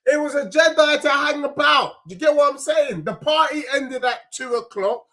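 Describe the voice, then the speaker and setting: A young man with a London accent, venting about his football team with a heated, slangy edge. His voice sits very high for a man, and he hammers the same points again and again as he streams a match reaction. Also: normal speed, fairly bright tone. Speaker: football fan channel host.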